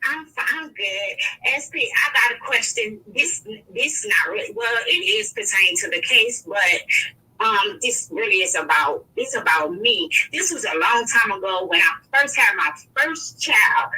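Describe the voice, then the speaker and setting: A woman caller telling a personal story in a rambling, animated way, full of restarts. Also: a little high, a little slow, husky, low-quality recording. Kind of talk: casual phone-in storytelling.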